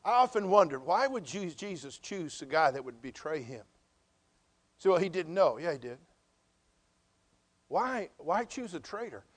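High-voiced male preacher, emphatic. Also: sing-song, moderate pace, pauses often. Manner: emphatic preaching with repeated rhetorical questions; quiet storytelling in parts. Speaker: pastor. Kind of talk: sermon.

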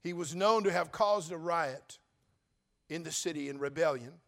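Preacher, man, slightly high voice; fervent sermon delivery, addresses the church directly, big dynamic swings. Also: normal speed, gravelly. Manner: impassioned preaching, swings between quiet and shouted lines; speaks directly to congregation, repeats phrases for emphasis. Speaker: pastor.

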